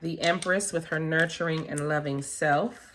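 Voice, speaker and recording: A woman's voice: deep voice, steady tone, moderate pace, background noise. A woman who reads tarot, unboxing a deck in a casual vlog, gushing and effusive as she talks straight to her viewers. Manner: gushing and effusive, with soft exclamations; talks directly to viewers, calling them guys and baby. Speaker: tarot reader and spiritual vlogger.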